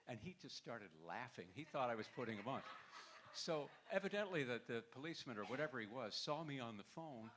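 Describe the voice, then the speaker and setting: A man telling a wry, halting anecdote at a memorial gathering. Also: medium pitch, fairly bright tone, a little hiss or hum. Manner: wry, anecdotal, with stammering restarts. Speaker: memorial speaker telling a story. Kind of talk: storytelling at a memorial. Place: event hall with audience.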